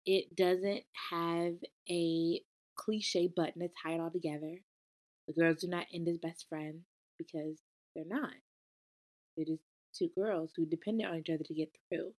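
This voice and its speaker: A young woman, giving a casual book review, expressive and animated, talking back to the book as she goes. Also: lowish voice.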